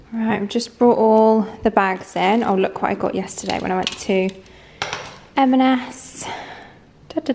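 A woman's voice: on the high side, vocal fry, a little hiss or hum. A young woman chatting casually in a home vlog, rambling and going off on tangents. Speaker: lifestyle vlogger. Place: at home, indoors.

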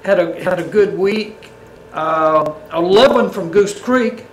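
A man co-hosting a live-streamed office drawing, reading numbers off a list in a halting way with fillers. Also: high voice. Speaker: co-host. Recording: echoey room, faint noise.

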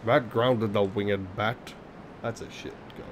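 Low-voiced man rambling over gameplay. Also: fairly even intonation, takes it slowly, noisy background. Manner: swearing, self-deprecating, rambling. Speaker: let's play gamer. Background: video game music.

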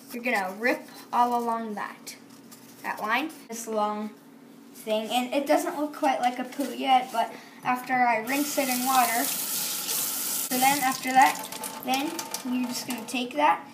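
A woman's voice: a little high, roomy sound, slight background noise. A young female vlogger chatting through a how-to video at home, rambling with ums and restarts. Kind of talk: casual how-to vlog. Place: house, bathroom.

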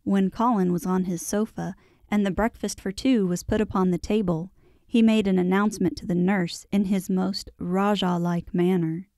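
Mellow woman narrating an audiobook. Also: mid-range voice, steady tone, moderate pace, no room sound, studio quality.

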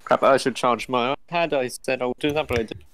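A man's voice: mid-range voice, steady tone, fairly quick, fairly bright tone. A man in a team game speaking in short, matter-of-fact callouts. He mostly watches and reports, with an ordinary mid-range voice. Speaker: gamer. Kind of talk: casual gaming chat.

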